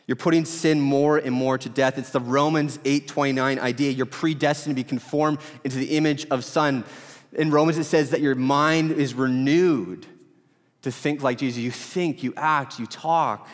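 A male pastor giving a sermon in a conversational style, weaving in personal stories from his own life. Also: medium pitch. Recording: long hall reverb.

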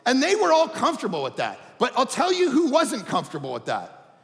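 A middle-aged man preaching a sermon as a pastor, conversational and animated, dropping to a hush and then rising to a shout. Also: very high-pitched, fairly quick, vocal fry. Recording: echoey hall reverb.

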